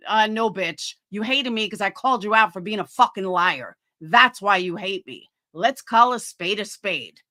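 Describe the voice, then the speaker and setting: A woman's voice: medium pitch, expressive, moderate pace, hardly any pauses, pushed and bright. A woman hosting a livestream and ranting angrily, with heavy swearing and a sarcastic edge. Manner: heated, profane, sarcastic. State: fighting cancer. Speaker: livestream host. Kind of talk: angry livestream rant.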